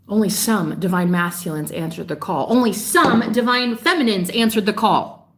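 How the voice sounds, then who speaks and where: A woman delivering a fiery, preachy monologue straight to her viewers, swearing freely and scolding them, with sharp jumps in pitch on her outbursts. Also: expressive, normal speed. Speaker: spiritual vlogger. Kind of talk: ranting monologue to camera.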